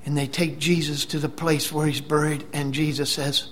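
Male preacher, sermon, dramatic whispers and booming lines, slightly high voice. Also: flat delivery, normal speed, hardly any pauses, fairly bright tone, slight background noise. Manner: dramatic retelling, dropping to whispers then booming.

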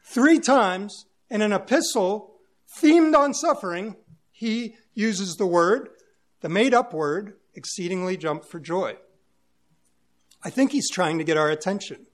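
A pastor with a high-pitched voice delivers an earnest sermon. He reads scripture aloud, then explains it with emphasis, now and then searching for a word. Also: measured pace.

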